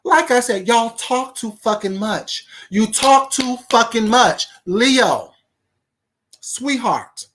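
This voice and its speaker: A woman's voice: fairly high pitch, animated, takes it slowly, fairly bright tone. A woman hosting a live stream, indignantly firing rhetorical questions at her viewers and a caller. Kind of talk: heated live-stream rant.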